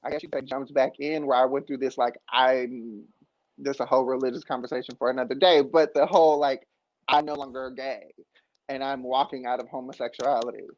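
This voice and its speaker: A man's voice: medium pitch, steady tone, a little fast, dry recording. Earnest man on a dull, dry recording. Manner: earnest, thoughtful, personal. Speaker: podcast co-host. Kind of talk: casual panel chat.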